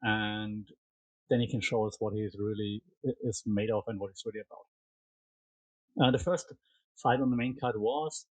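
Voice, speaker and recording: A man's voice: lowish voice, steady tone, measured pace, pauses often, slightly rough, no room sound, poor audio. A man with a German accent giving a casual solo recap of fight results, chatty and rambling with frequent fillers and restarts. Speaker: MMA commentary podcaster.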